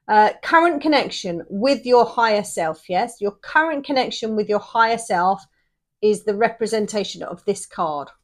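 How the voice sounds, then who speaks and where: A woman giving a casual tarot reading, chatty and rambling, often checking in with "yeah?". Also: mid-range voice. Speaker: tarot reader.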